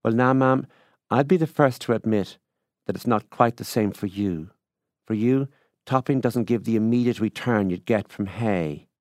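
A man's voice: lowish voice, moderate pace, dry recording, clean studio sound, voice pushed up, lightly acted. A man reading a literary story, voicing a wheedling middle-aged Irish country farmer in an affable, folksy way. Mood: coaxing.

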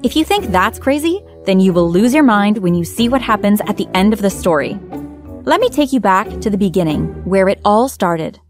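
A young woman narrates her own story in the first person over background music, acting out her own lines with feeling. Her medium-pitched voice has lively intonation at a moderate pace.

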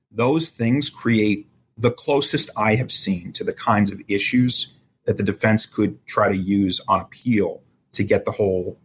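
A man as a legal expert guest, explaining courtroom rules in a measured way and quoting testimony. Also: fairly low pitch, creaky, slight background noise. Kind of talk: podcast interview analysis.

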